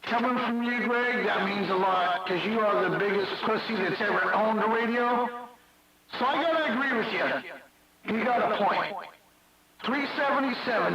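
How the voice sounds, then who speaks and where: A man's voice: high voice, dull audio. A man mocking and taunting another operator in CB radio banter, repeating his jabs. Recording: far-off echoey noisy CB radio.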